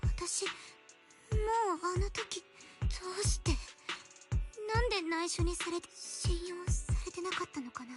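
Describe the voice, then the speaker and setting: A woman's voice: very high voice, moderate pace, pauses often, over music. A woman voicing an anxious young woman in a game who hesitantly questions herself. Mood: worried. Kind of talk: Japanese game voice acting.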